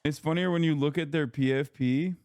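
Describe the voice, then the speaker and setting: A man's voice: a little high, fairly even intonation, brisk, a little mellow, no echo. A man hosting a live stream, reacting to clips with blunt, profane, sarcastic commentary. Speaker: streamer host.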